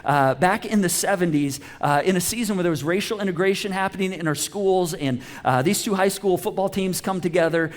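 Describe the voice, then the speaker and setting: High-voiced man preaching casually. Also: a little fast, few pauses. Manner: conversational preaching with many restarts, acting out quoted voices. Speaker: pastor. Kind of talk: sermon. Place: church auditorium with a live congregation.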